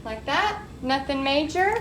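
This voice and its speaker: A woman's voice: sits high, expressive, unhurried, a bit bright. A woman hosting a live painting tutorial, upbeat and chatty, talking to her viewers as she works. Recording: echoey room, faint background noise.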